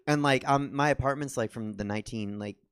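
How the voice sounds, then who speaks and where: A man's voice: medium pitch, fairly quick, a bit bright, clear, resonant tone. A young man doing a stand-up comedy set on a theater stage, rambling and self-deprecating with lots of ums and restarts.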